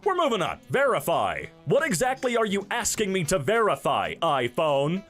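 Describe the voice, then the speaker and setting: Male comedy commentator, high and very animated, sarcastic. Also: moderate pace, few pauses, soft background music. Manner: sarcastic, animated reactions with bursts of laughter. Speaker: YouTube commentator.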